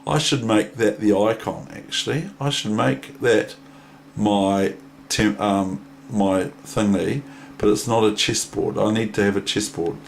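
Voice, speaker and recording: A man's voice: on the low side, vocal fry. A man with a New Zealand accent giving a casual chess lesson, rambling and hesitant. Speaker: chess teacher. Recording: echoey room, faint noise.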